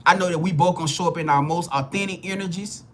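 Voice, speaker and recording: A man's voice: high voice, fast, slight background noise. A man giving a live spiritual reading to viewers, blunt and preachy, swearing freely and repeating himself as he builds emphasis. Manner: repeats words and restarts phrases when heated. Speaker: spiritual reader.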